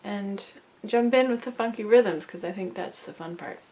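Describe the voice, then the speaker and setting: A woman teaching a song in a relaxed, soft-spoken way, now and then singing lines slowly to demonstrate. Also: mid-range voice. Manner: soft, unhurried explaining, breaks into slow sung lines.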